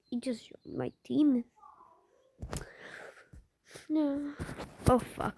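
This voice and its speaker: A woman's voice: on the high side, level tone, takes it slowly, pauses often, mellow, slight background noise. A woman giving casual gameplay commentary, swearing a lot and often dropping into muttered whispers. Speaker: gamer.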